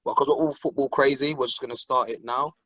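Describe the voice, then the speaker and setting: Fast-talking excitable young man guest. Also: mid-range voice, no room sound, highs cut off. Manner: excitable, swears, laughs often. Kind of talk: casual video call chat.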